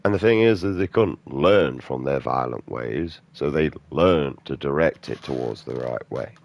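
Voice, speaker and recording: Gravelly low-voiced man ranting. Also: animated, normal speed, highs cut off. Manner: aggressive, profane, blunt slang. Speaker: gaming streamer. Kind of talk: angry off-topic rant during gameplay.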